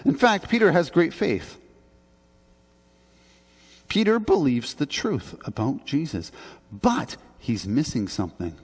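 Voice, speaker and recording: A man delivers a sermon from the pulpit, conversational and earnest, lifting his voice for emphasis. His voice sits a little high for a man. A long reverb from the church sanctuary trails behind every phrase. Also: big pitch swings, takes it slowly, long pauses, husky. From Canada. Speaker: pastor.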